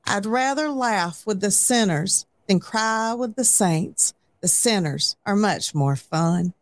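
Slow Southern woman reading lyrics. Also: mid-range voice, lively intonation. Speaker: lyrics reader. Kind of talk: reading song lyrics aloud.

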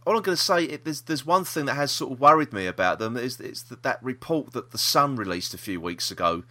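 A man's voice: medium pitch, lively intonation, brisk, pushed and bright. A man co-hosting a casual podcast chat, rambling with restarts and laughter. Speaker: podcast co-host.

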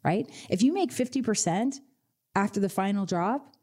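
A woman financial advisor hosting a radio finance show, telling lively client stories and acting out their reactions. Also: medium pitch, normal speed. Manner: energetic storyteller, acts out client voices.

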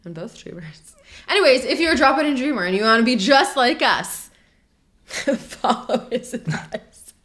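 A woman's voice: fairly high pitch, expressive, moderate pace, a bit bright. Playful, teasing woman podcast co-host. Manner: playful, teasing, laughs often. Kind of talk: casual chat.

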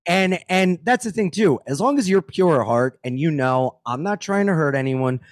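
Comedian guy chatting on a podcast, animated and sweary, slightly high voice, dead dry mic. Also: moderate pace, dry recording. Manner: animated, profane, acts out quotes in loud voices. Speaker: comedian guest. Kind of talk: casual podcast chat.

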